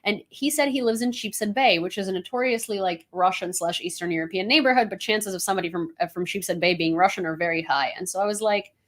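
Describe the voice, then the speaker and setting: A woman's voice: medium pitch, quick pace, few pauses. A woman from Ukraine hosting a casual news commentary, talking in a frank, chatty and opinionated way.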